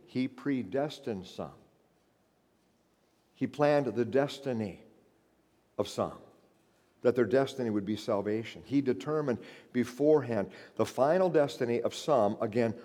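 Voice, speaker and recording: A male pastor preaching a sermon, building to loud, emphatic outbursts and then easing back into a steadier explaining voice. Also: fairly low pitch. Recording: reverberant hall.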